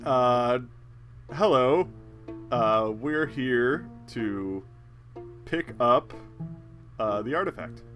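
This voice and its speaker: Male player, bright voice, lively, casual. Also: mid-range voice, very slow, long pauses, faint music behind. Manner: casual, laughs often. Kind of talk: tabletop game play.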